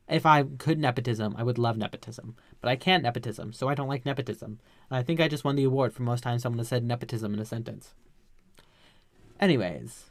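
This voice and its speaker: A man's voice: mid-range voice, no room sound. A man hosting a podcast, recapping an episode in a chatty, slangy, ranting way. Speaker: podcast host.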